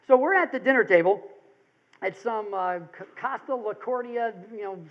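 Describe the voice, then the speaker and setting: A man in his thirties giving a motivational seminar talk, telling a story with energetic, emphatic rises. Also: high voice, moderate pace. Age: 30s. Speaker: seminar speaker. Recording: dull lo-fi recording.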